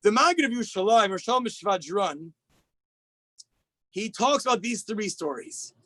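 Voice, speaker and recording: Rabbi with a high voice preaching over a video call, a lively storyteller who acts out his quotes, dry sound. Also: moderate pace, dry recording, poor audio. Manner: animated storytelling, acts out quoted rabbis with big pitch jumps. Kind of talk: Tisha B'Av sermon.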